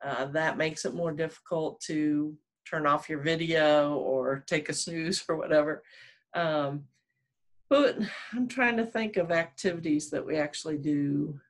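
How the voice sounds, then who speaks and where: A woman's voice: sits low, a little slow. A woman trainer as a guest on a video call, speaking hesitantly and searching for words, with many ums. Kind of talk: casual video-call interview.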